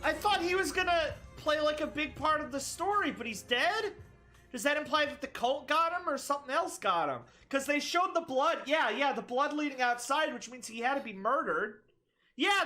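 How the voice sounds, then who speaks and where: Bright-voiced, joking woman game streamer. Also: sits high, expressive, moderate pace, faint music behind. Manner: chatty, joking, laughs often. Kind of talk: let's play commentary.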